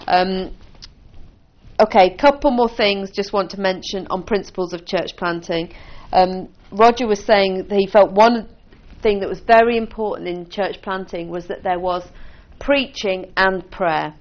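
A woman's voice: mid-range voice, unhurried, muffled recording. A woman giving an informal teaching talk to a small group as a church leader, conversational and full of restarts. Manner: conversational, with restarts and light laughs.

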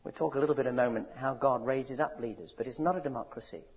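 Preacher in a big echoing hall. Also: male voice, mid-range voice, quick pace. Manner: rousing, rising to loud cries; asks the audience questions. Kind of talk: sermon. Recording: dull recording in a large reverberant hall.

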